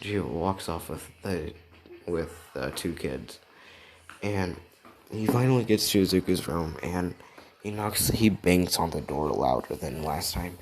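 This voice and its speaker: A young man improvising a fan story, soft-spoken, rambling, and often correcting himself. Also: sits low, lively intonation, unhurried. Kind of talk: improvised fan-fiction narration.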